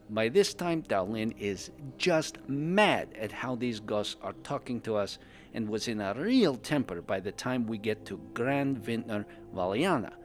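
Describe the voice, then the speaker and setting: A man voicing a cheerful male pandaren adventurer, a doting husband who tells his story in broken English with dropped articles. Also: mid-range voice. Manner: broken English, drops articles and verb endings. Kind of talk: in-character fan podcast storytelling.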